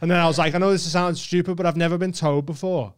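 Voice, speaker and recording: An English man co-hosting a podcast tells an animated, laugh-filled story in casual, heavily sworn chat. His voice sits a little high and moves at a quick pace, with a clean tone and a clean, echo-free studio sound.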